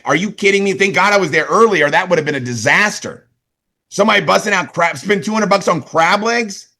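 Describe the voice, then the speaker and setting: Middle-aged man from California, motivational sales trainer, punchy and repetitive, bright forceful tone, slightly high-pitched. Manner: emphatic, repeats catchphrases, asks "right?" and "okay?". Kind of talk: energetic motivational talk.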